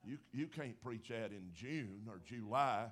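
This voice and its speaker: A preacher man delivering a sermon in a casual, homespun way. His voice sits at an ordinary middle pitch, and he pushes up in pitch and loudness to stress his points. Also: a little slow. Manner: folksy preaching, building to emphatic rises. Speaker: pastor.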